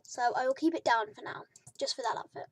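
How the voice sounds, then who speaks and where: A woman's voice: high voice, fairly quick, no echo. A young British woman giving rambling, chatty commentary over her video game, filling gaps with "like" and trailing into whispers. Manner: rambling, chatty, lots of "like" fillers. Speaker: gaming YouTuber. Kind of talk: casual let's-play commentary.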